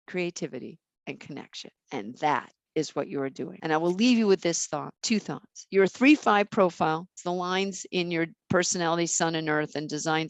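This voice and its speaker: A woman's voice: lowish voice, no room sound. A woman hosting a podcast interview, talking in an enthusiastic, playful, teaching way. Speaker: podcast host. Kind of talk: casual interview chat.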